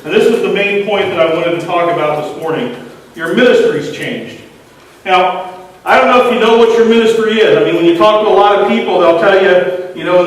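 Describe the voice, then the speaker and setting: A man giving an earnest sermon in a church, putting question after question to the congregation. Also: high-pitched. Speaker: lay speaker. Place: church sanctuary. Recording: echoey church hall from far off.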